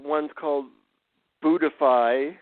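A male psychotherapist and author telling an animated anecdote as an interview guest. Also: a little high, slow pace, no room sound. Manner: animated, self-deprecating anecdotes. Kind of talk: conversational storytelling. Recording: dry, tinny phone-line sound.

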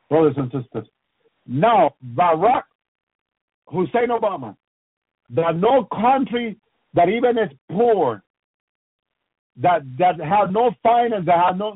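A man preaching fervently on a radio broadcast, circling back to his points and murmuring praises to the Lord between them. His voice sits high and sounds husky. The recording is dry and thin, like a phone line. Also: no room sound. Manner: fervent, repetitive, frequent "praise you, Lord" asides. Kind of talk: end-times radio preaching.

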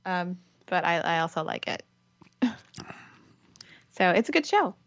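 A woman's voice: fairly low pitch, very animated, a little slow, no echo. A woman co-hosting a podcast in casual chat, talkative, laughing often and gushing that things are fantastic. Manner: chatty, laughs often, repeats "it's fantastic". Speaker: podcast co-host. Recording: dull lo-fi sound, dry.

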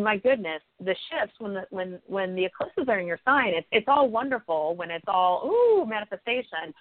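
A woman's voice: medium pitch, no echo. A woman astrologer giving callers readings on a call-in show, affectionate and calling them honey and sweetheart. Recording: phone-like line.

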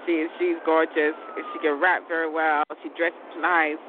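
A woman in her forties vlogs in a low voice, keeping a level tone and a measured pace. Even so, her casual chatter meanders and repeats, broken up by frequent laughter, on a tinny phone-style recording with slight noise.

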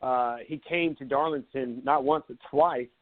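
In casual live conversation, a South Carolina sports talk host in his forties rambles through sarcastic, laid-back stories. He speaks at medium pitch and a moderate pace, and the audio is tinny like a phone call.

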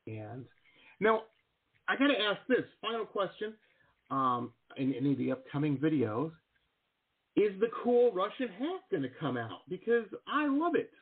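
A man in his forties hosting an interview, rambling and excitable with lots of fillers and restarts, on a video call. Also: high voice, moderate pace. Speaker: show host. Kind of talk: casual interview chat. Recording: tinny phone-like line.

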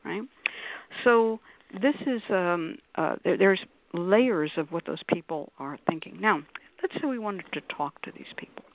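A woman's voice: fairly low pitch, lively intonation, unhurried, dry recording. A woman on a radio discussion panel, explaining at length in a conversational way and acting out quoted voices in her examples. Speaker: panelist on a call-in radio show. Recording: dry, tinny phone-like line.

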